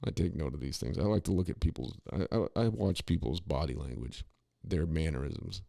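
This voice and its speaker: A man's voice: very deep voice, animated, brisk, gravelly, dark tone, no echo, clean studio sound. A man co-hosting a podcast, talking in a rambling, opinionated way with many restarts and asides. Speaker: podcast co-host. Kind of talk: casual political commentary.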